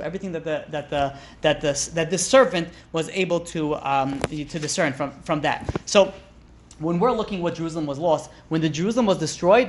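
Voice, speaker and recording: A man, a rabbi, teaching a class through lively storytelling, acting out characters' lines and speaking casually with lots of fillers. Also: fairly high pitch. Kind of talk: storytelling lecture.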